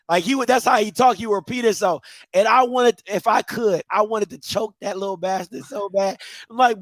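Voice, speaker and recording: A man co-hosting a podcast, telling rambling, animated comic stories. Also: sits high, normal speed, no echo. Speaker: podcast co-host. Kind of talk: comedic storytelling.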